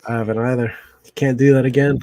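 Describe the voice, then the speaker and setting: A man's voice: medium pitch, fairly even intonation, fast, warm tone. A man co-hosting a casual podcast, chatting about a comedy movie and acting out its lines between laughs. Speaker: podcast co-host.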